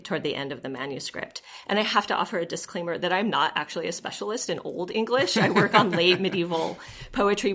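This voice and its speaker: A woman professor of medieval literature, a guest who explains her field in a careful, measured way. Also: deep voice, a bit bright. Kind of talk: academic discussion.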